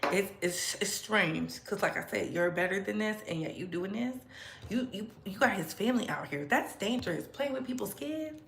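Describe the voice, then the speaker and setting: A woman's voice: moderate pace, vocal fry, roomy sound. A woman hosting a casual livestream, talking with sass and frequent laughter. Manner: sassy, laughs often, animated swings in pitch. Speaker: commentary channel host.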